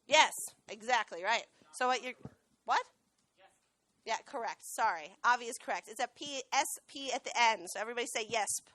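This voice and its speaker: A woman who trains dogs, giving a lively classroom talk and often asking the students questions. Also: a little high, moderate pace, no room sound. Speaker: dog trainer and veterinary technician. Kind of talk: classroom talk with a live dog demo. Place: school classroom.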